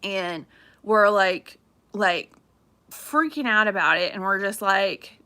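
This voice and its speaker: A woman chatting casually on a livestream, gossipy and animated, repeating herself as she tells a local story. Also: mid-range voice, takes it slowly, clear, resonant tone. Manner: chatty, animated, says "craziness" often. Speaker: realtor livestream host.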